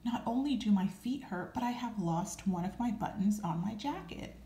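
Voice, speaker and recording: A woman's voice: medium pitch, animated, normal speed, warm tone, slight background noise, lightly acted. A woman voicing a fussy, easily upset male toad for a children's storybook, whiny and complaining. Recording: roomy echo.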